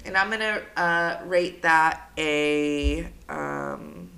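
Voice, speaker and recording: A young woman in her twenties who co-hosts a podcast, telling a story casually, animated and swearing a lot. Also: deep voice, drawn-out words, creaky. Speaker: podcast co-host. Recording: roomy echo.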